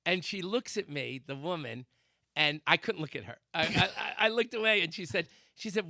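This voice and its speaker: A man co-hosting a talk radio show, telling a comic story with sound effects and shouted quotes. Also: high voice, huge pitch swings, moderate pace, creaky, no echo, clean studio sound. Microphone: studio microphone.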